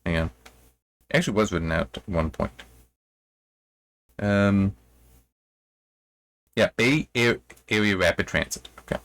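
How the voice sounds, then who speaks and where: Low-voiced man rambling through a book review. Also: a little slow, long pauses, fairly bright tone. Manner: rambling, self-correcting asides. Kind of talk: reading aloud and commenting on a novel.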